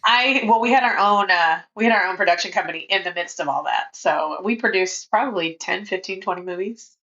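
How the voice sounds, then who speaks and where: A woman's voice: mid-range voice, fairly quick, gravelly, sharp tone, lo-fi sound. A woman in her forties, a podcast guest in casual interview chat who talks freely and laughs often.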